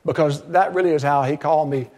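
A man's voice: a little high, quick pace, a little mellow. A middle-aged man pastoring a church, preaching a sermon in an earnest storytelling way, often acting out what others said to him. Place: church sanctuary.

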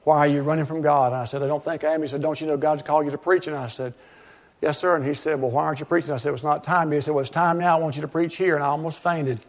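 High-voiced pastor preaching earnestly. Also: male voice, fairly even intonation, very fast. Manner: earnest storytelling, quotes others in dialogue. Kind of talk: sermon. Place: church sanctuary.

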